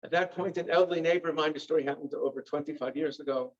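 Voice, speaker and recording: A guest speaker in a synagogue hall gives a dramatic storytelling talk, vivid and theatrical with wry asides. His voice is a little high and steady, and he speaks quickly. The recording is dull and lo-fi.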